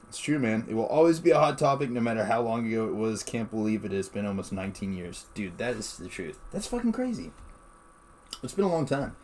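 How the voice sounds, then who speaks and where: A man's voice: fairly low pitch, fairly quick, a little hiss or hum. A young man co-hosting a podcast in casual chat, telling stories with lots of swearing and frequent laughter. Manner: swears a lot, laughs often, animated storytelling. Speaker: podcast co-host.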